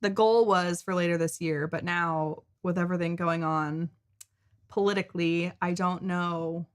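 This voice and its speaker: A woman's voice: on the low side, fairly even intonation, unhurried. A woman co-hosting a live stream, chatting casually, reading out viewer comments and laughing often. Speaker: co-host of a reaction channel.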